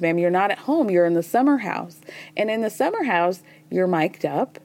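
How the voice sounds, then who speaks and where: A woman's voice: medium pitch, big pitch swings, a little slow, a little mellow. A woman hosting a casual recap podcast, talking in a chatty, profane way and voicing the lines of the people she describes. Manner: chatty and profane, says y'all and girl; retells scenes by voicing quoted dialogue. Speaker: podcast host recapping reality TV.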